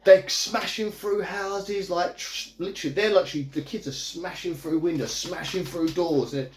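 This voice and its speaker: A man's voice: high voice, moderate pace. A man in a casual video review, recapping a movie plot in a chatty, amused, rambling way. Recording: echoey room.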